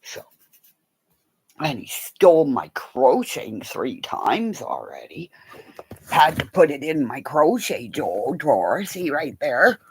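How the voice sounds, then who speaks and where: Older woman, livestream chatter, unhurried and animated, rambling stories. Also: low-pitched, a little hiss or hum, rough recording. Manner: rambling storytelling, swings between loud exclamations and soft whispers to her dog. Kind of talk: casual livestream chat.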